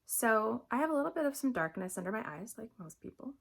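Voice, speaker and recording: A woman's voice: fairly high pitch, very animated, quick pace, gravelly. A young adult woman talking through a makeup tutorial in a chatty, upbeat, instructive way. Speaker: makeup vlogger.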